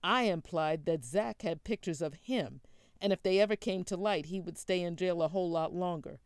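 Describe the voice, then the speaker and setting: A woman's voice: lowish voice, moderate pace, clear, resonant tone, no room sound, clean studio sound, lightly acted. A woman voicing a stern father pastor. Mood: firm. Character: stern male pastor, a father of grown sons.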